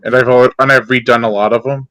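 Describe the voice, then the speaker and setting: A man's voice: mid-range voice, fairly even intonation, fast, fairly bright tone, no room sound. A man hosting a casual chat with friends, easygoing and laughing often. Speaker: channel host.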